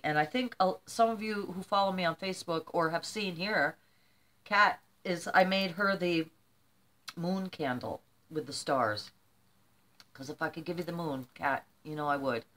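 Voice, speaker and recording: An older woman chatting casually to camera as a vlogger, rambling warmly through shout-outs and tearing up as she talks. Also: low voice. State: teary.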